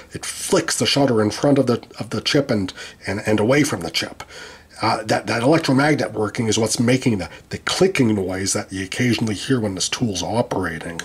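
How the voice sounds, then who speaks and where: A man's voice: medium pitch, slightly rough. A man narrating a tool teardown with dry, wry humor and frequent restarts. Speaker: tool reviewer.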